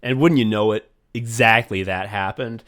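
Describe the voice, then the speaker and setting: A man's voice: lowish voice, moderate pace. Sarcastic, swearing man on a podcast. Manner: sarcastic, profane, loud mocking bursts. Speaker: podcast co-host. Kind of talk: casual comedic chat.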